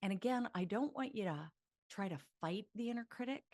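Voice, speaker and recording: A woman psychologist teaching self-help, chatty and animated, leading mantras aloud. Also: medium pitch, a little fast, dry recording, studio quality.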